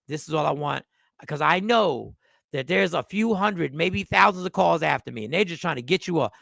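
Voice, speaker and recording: A man rants in a mocking comedic voice, hammering the same phrases over and over. His voice sits high with a gravelly rasp. It is recorded close and dry, with no room sound. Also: no room sound. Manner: mocking, repetitive, animated with sudden drops to mutters. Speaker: comedian reacting to a clip. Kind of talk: comedic rant.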